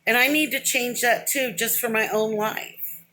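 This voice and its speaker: She has a slightly high voice with fairly even intonation and a bright, forceful tone, speaking a little slowly. This middle-aged vlogger, in a casual, emotional monologue to a camera close to her face, admits to rambling, wanders off with "but anyway," and talks openly about crying.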